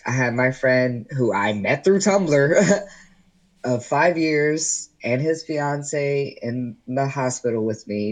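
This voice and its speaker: Heard through a low-quality recording, this medium-pitched man is a podcast guest telling a personal story. He speaks candidly in relaxed interview chat, leaning on "like" constantly.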